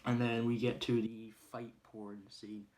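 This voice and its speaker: A man's voice: mid-range voice, little pitch movement, unhurried, a crowd in the background. A man casually recapping a film's plot, rambling with lots of ums and uhs. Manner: acts out quoted lines loudly. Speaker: movie reviewer. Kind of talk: casual spoiler review.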